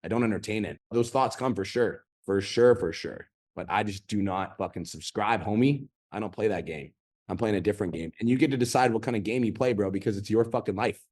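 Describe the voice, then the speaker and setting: A man's voice: on the low side, fairly quick, darkish tone. A man in his thirties coaching a group video call, blunt and profane, talking in a pumped-up motivational way. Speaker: online business coach hosting a group call.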